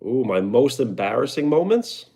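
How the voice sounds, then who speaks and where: A man's voice: mid-range voice, sing-song, moderate pace, warm tone, husky. A young man with a New York accent, chatting casually on a live stream and answering viewer comments. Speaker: livestreamer.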